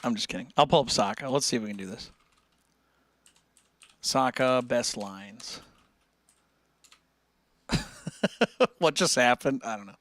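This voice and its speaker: A man's voice: medium pitch, measured pace, long pauses, a bit bright, dry recording. A man streaming, chatting casually and joking around with lots of laughs. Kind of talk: casual chat.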